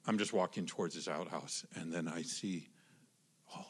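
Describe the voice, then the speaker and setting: A man telling a personal story in a casual, animated way, with lots of restarts and acted-out quotes. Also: deep voice, moderate pace, slightly rough. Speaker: guest telling his love story.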